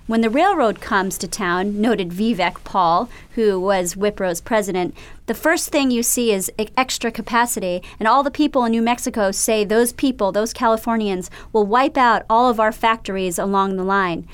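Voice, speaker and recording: A woman hosting a radio interview show, narrating and asking measured, probing questions. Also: medium pitch, smooth.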